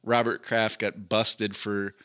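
Podcast host, male, loose rambling joker who swears freely; bright, forceful voice. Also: on the low side, level tone, slow, smooth. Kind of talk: casual chat.

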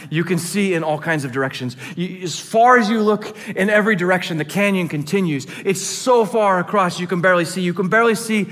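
A man with a notably high voice preaches a sermon. He swings between emphatic, raised delivery and drops to a hushed near-murmur. The sound rings with a long hall reverb, as in a church sanctuary. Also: brisk, few pauses. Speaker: pastor.

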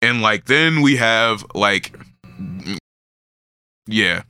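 A man hosting a podcast, recapping a manga in casual chat, animated, laughing and swearing constantly. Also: fairly low pitch, drawn-out words, clean tone, no echo.

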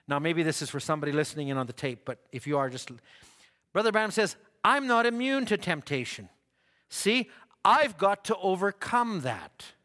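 Preacher, male, bright forceful tone, folksy pulpit delivery in a reverberant sanctuary. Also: sits high, sing-song, normal speed. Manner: folksy, repeats himself, laughs at own stories. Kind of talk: sermon.

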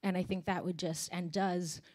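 A woman's voice: fairly low pitch, level tone, normal speed, darkish tone. A young woman, a worship leader, preaching a candid, conversational sermon with sighs and emotional moments.

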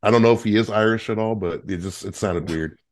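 A man's voice: lowish voice, fast. A man chatting on a podcast panel in an easygoing way. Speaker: regular panelist. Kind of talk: casual chat.

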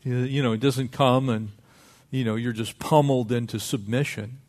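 A middle-aged man preaching a sermon, lively and conversational, acting out little dialogues. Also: medium pitch, normal speed. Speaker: pastor.

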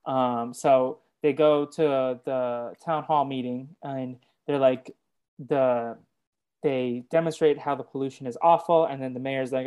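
Halting man recapping a movie. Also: mid-range voice, fairly even intonation, clean tone, dull audio. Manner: halting, full of ums and restarts. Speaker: podcast co-host. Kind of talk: casual movie recap chat.

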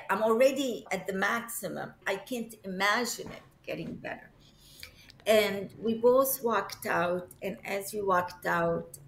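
Slow, gravelly-voiced woman telling her story. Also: medium pitch, slight background noise. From Egypt. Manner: earnest, searching for words. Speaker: interview guest. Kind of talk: recounting a personal story. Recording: echoey room.

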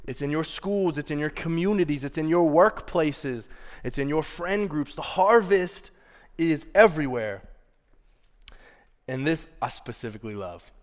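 A man's voice: fairly high pitch, animated, measured pace. A man preaching a sermon as pastor, passionate and conversational, with casual asides to the congregation. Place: church sanctuary. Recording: long reverb of a large hall.

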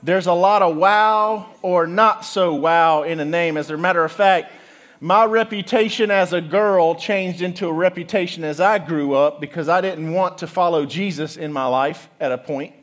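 A young man giving a lively youth ministry talk, telling stories and drawing the crowd into call-and-response. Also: high voice. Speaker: youth speaker.

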